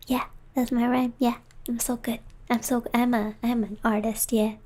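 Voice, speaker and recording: A woman streamer reading a story and chatting in a soft, playful whispered role-play, close to the mic. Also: on the high side, level tone, moderate pace.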